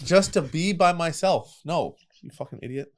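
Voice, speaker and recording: A young man co-hosting a podcast, talking in an animated, loose way and swearing freely. His voice sits slightly high for a man. It is relaxed, casual chat among friends. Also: moderate pace. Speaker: podcast co-host.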